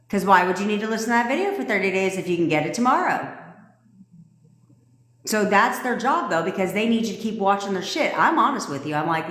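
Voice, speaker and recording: A woman's voice: mid-range voice, expressive, fairly quick, a bit bright. A woman coaching manifestation on a phone livestream, ranting in a blunt, profane way. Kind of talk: livestream rant. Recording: echoey room with long reverb.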